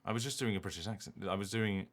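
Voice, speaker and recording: A man streaming a game and chatting casually, thinking aloud in an animated, rambling way. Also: on the low side, fast. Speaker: streamer and voice actor. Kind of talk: casual gaming stream chat.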